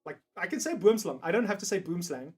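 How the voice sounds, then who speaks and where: A man's voice: high voice, very animated, racing, fairly bright tone, slightly rough. A young man with a South African accent chatting casually on a livestream, rambling, laughing often and swearing freely. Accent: South African English. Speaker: streamer.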